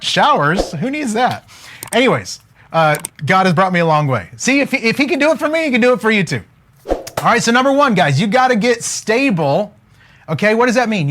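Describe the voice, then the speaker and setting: A man coaching on wealth in a live stream speaks in a high-pitched voice. He's upbeat and informal, joking like a preacher and continually asking viewers for comments.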